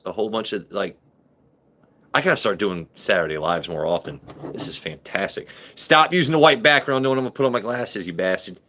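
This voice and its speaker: Deep-voiced man joking with his live chat. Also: a bit bright. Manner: joking, swearing, talks back to chat. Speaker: livestream host. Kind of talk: casual live stream chat with viewers. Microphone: phone camera.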